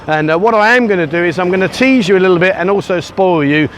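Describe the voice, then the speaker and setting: A man's voice: high-pitched, animated, quick pace, a bit bright. Chatty English man vlogging outdoors. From United Kingdom. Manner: chatty, self-mocking, rambling asides. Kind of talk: casual walking vlog. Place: outdoors on a sunny beachfront by a busy road. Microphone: handheld camera at arm's length. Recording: faint outdoor traffic noise.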